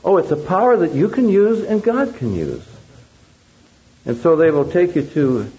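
A man's voice: on the high side, very animated, normal speed, mellow. A man preaching a sermon, emphatic and full of rhetorical questions to the audience. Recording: dull lo-fi recording.

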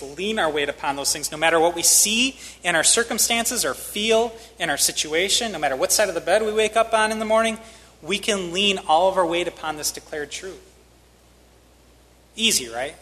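A man preaches a sermon in a church hall. He is candid and self-deprecating and presses key lines with rising emphasis. His voice is somewhat high and bright, and it rings with a long hall reverb. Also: normal speed.

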